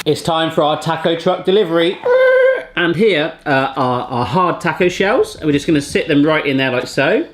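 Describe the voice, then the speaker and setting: A man's voice: on the high side, moderate pace, a little hiss or hum. A man, chatting playfully to viewers as he tests kitchen gadgets in a casual vlog. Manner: playful, jokey, talks straight to viewers. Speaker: cooking gadget reviewer.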